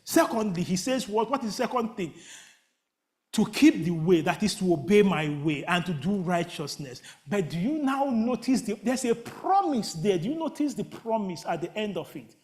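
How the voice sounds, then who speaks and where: A man preaching a sermon in a church, asking the congregation call-and-response questions and rising to near shouts. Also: high-pitched, sing-song, moderate pace. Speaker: pastor. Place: church sanctuary.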